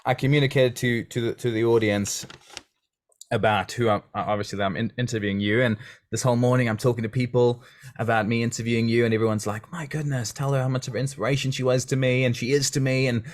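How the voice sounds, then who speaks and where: A man's voice: mid-range voice, steady tone, fast. A man, hosting an interview podcast with an effusive manner. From New Zealand. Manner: enthusiastic, effusive. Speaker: podcast host. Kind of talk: casual interview chat.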